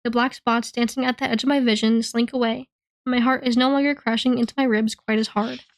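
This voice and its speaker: A woman reading a novel aloud in the first person, telling the story in an expressive, earnest way. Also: fairly high pitch, fairly quick. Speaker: reader.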